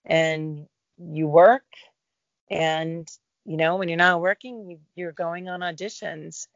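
A middle-aged woman, a guest actor, talking in a relaxed, reflective interview about her career. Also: lowish voice, slow pace, vocal fry, no echo, lo-fi sound. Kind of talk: casual interview chat.

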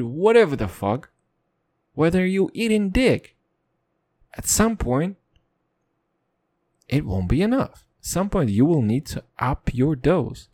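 A young man, a comedian and native Russian speaker, who rambles through a silly, profane comic rant. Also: warm tone. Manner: rambling, profane, silly, with sudden jumps in pitch.

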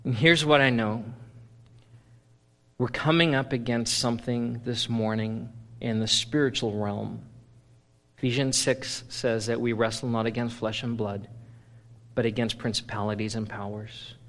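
A male pastor preaching a sermon, animated, swinging from loud playful bursts to low, intense stretches. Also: unhurried, in a large hall. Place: church sanctuary.

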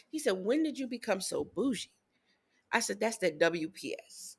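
With vocal fry and a husky, medium-pitched voice at a normal speed, a thirty-something woman co-hosting a podcast relates a story in casual talk. She animatedly plays the parts of her kids and her ex.

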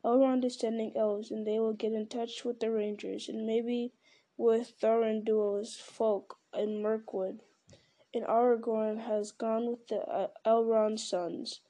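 A grave old wizard speaks with calm, measured authority, voiced by a woman reading a storybook aloud. The voice is mellow and sits a little high. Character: old male wizard, stern and wise.

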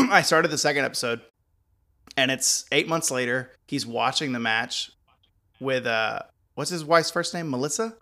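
Bright-voiced joking man co-hosting. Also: medium pitch, moderate pace. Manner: joking, animated storyteller. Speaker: podcast co-host. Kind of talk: casual chat watching wrestling.

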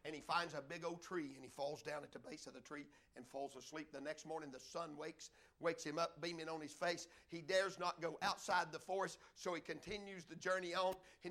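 Impassioned preacher man, high bright voice. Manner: swings from loud impassioned cries to hushed low telling. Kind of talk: storytelling sermon.

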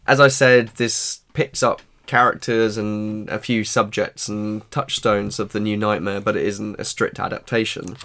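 A man's voice: on the low side, a bit bright. A man co-hosting a casual film podcast, dry and wry, reading quotes aloud. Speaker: podcast co-host.

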